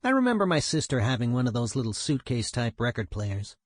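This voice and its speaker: A man's voice: medium pitch, very animated, quick pace, no room sound, clean studio sound. A man voicing a woman punk singer, recalling her childhood in a plain, reflective way. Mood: reminiscing.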